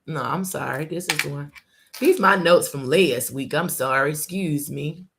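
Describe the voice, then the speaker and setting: Bright-voiced woman hosting a live talk. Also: deep voice, normal speed, vocal fry, a little hiss or hum. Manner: repetitive and emphatic, addresses listeners as y'all. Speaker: host. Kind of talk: casual live talk to an audience.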